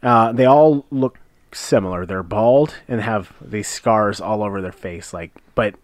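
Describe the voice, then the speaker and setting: A man's voice: on the low side, a little slow, dry recording. A man casually recapping a TV episode, retelling scenes step by step with frequent uhs. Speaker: podcast co-host recapping a TV episode. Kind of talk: casual chat.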